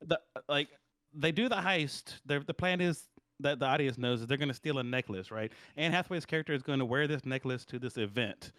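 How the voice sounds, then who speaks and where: A man with a smooth, resonant voice talking through a film plot in casual podcast chat. He rambles, swears freely and keeps tagging on "right?". The sound is dry and close. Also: medium pitch, brisk, a bit bright, no room sound. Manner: profane, rambling, checks in with "right?". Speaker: podcast co-host.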